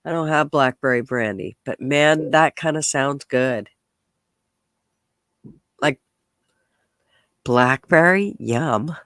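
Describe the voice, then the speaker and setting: A man's voice: mid-range voice, slow pace, long pauses, a bit bright, no room sound. A congested man hosting a rambling, casual livestream chat with a nasal, stuffed-up voice. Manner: rambling, chatty, swears casually. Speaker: podcast host.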